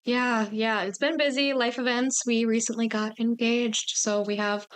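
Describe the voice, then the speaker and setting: A young woman hosting a casual podcast, chatty and quick to laugh. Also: on the high side, fairly even intonation, clean tone. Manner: giggly, chatty, laughs often. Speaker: podcast host.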